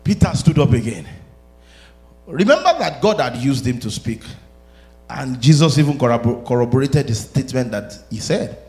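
A man preaching a sermon, animated, rising to shouts and laughing between his points. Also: mid-range voice, normal speed, faint music behind.

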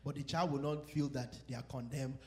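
A man preaching a sermon, lively and playful, acting out conversations and laughing at his own stories. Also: mid-range voice, brisk. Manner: animated, acts out quoted exchanges and laughs at his own stories. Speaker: pastor.

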